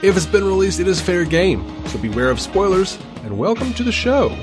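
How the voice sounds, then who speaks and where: A man's voice: sits high, very animated, a little fast, over music. A man hosting a podcast in casual chat, laughing often and restarting his sentences. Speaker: podcast host.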